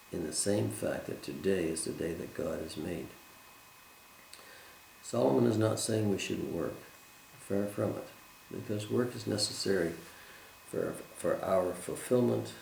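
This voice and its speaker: A man teaching a Bible study lesson in an earnest, measured way, quoting scripture as he goes. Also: low-pitched, vocal fry, warm tone, roomy sound, slight background noise, poor audio.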